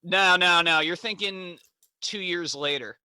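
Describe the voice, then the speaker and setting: A young man co-hosting a podcast, telling childhood stories in casual chat with quick laughs. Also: high-pitched, clear, resonant tone, no echo. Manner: animated storytelling, quick laughs. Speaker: podcast co-host.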